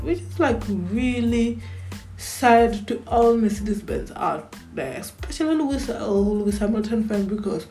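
A woman talks through her fan commentary in a fairly high, mellow voice, unhurried and chatty. She repeats words and names as she thinks aloud, with faint music playing underneath. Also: poor audio. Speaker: Formula One fan vlogger.

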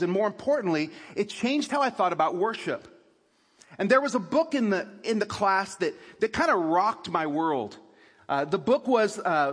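High-voiced pastor in a reverberant church. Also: male voice, breathy edge. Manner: reads scripture aloud, then explains with restarts and self-corrections. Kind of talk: sermon. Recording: long reverb of a large hall.

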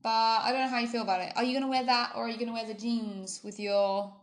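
Teasing, blunt female co-host with a slightly high voice. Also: steady tone, quick pace. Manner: blunt, teasing, laughs often. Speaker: podcast co-host. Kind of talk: casual chat.

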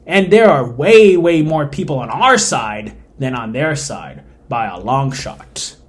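A man hosting a solo podcast, giving emphatic, opinionated commentary that swings between loud stressed points and quiet asides. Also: medium pitch, sing-song, slow pace, soft background music. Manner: suppressing laughter while reading. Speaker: podcast host.

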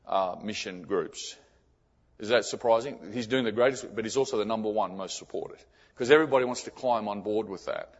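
Man, missionary preacher, earnest storytelling, long church echo, muffled lo-fi sound. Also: on the low side. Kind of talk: sermon with personal story. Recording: echoey hall, dull lo-fi sound.

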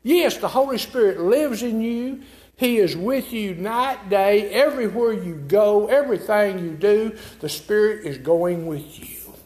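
A man's voice: sits high, a little slow, a little mellow. A man preaching a sermon, emphatic and repetitive, asking his listeners rhetorical questions. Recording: echoey room.

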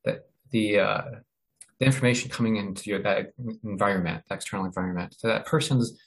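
A man with a somewhat low voice talks through a webinar topic. He speaks haltingly, full of "um"s and restarts as he searches for words. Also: low-quality recording. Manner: halting, many fillers and restarts. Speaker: webinar presenter. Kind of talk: informal educational talk.

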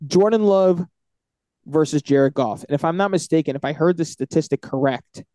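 A man co-hosting a casual sports podcast, animated and confident as he runs through his football picks. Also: a little high, normal speed, no room sound. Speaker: podcast co-host.

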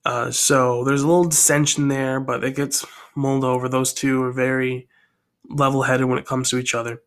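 A man casually telling his own story idea aloud, rambling and thinking out loud as he goes. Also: medium pitch, little pitch movement, moderate pace.

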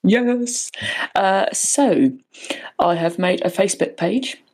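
A woman's voice: medium pitch, slow pace, darkish tone. A woman co-hosting a podcast, joking bluntly and swearing freely in casual chat. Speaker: podcast co-host.

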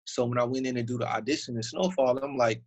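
A man's voice: mid-range voice, fairly even intonation, fast talker, rough recording. A young man from Virginia with a Southern accent, an actor telling stories in a casual interview, loose and slangy with lots of fillers.

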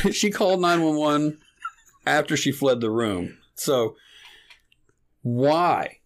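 A man's voice: a little high, takes it slowly. A man co-hosting a casual comedy podcast, telling a rambling, profane story full of restarts. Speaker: podcast co-host.

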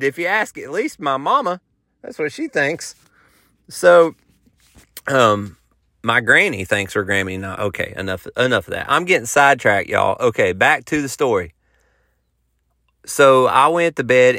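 A Southern-accented man spins a folksy, joking yarn with a voice that leaps up and down. His tone is bright and lively. He is recorded close and dry in a home studio. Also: a little high, normal speed, no room sound. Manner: folksy, animated, joking, tall-tale delivery. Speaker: podcast host, country musician. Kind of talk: casual storytelling.

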